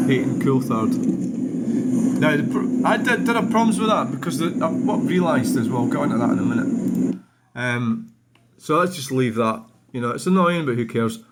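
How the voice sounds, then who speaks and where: A Scottish man in his fifties with a blunt, rambling, sweary manner, reading viewer comments aloud and answering them on his vlog. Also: mid-range voice. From Scotland. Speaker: vlogger.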